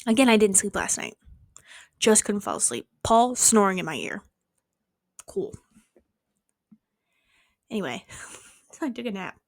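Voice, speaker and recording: Young woman vlogger, casual storytime, lively with voiced-out quotes, dry close bedroom sound. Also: a little slow, creaky, long pauses, no echo. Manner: animated, swearing, acting out quotes with big pitch jumps.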